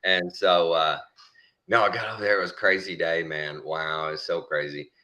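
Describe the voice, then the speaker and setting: This is a middle-aged man with a very low voice and a crisp, bright edge to it. He tells a story in relaxed, casual chat. When he quotes other people, he jumps up into high, animated voices. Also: moderate pace.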